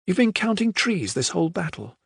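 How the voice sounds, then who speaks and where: Brief: defiant young noblewoman, high and strained, cracking voice, read by a man. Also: big pitch swings, fairly quick, vocal fry, breathy edge, no echo, studio quality, exaggerated voice. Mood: bewildered. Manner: demanding, voice cracking.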